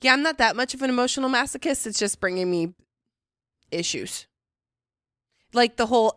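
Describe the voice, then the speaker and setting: A woman co-hosting a casual podcast, sarcastic and quick to laugh, swearing casually as she banters at a friend's house. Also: on the high side, a bit bright, no echo, studio quality. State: sensitive stomach. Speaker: podcast co-host. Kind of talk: casual chat.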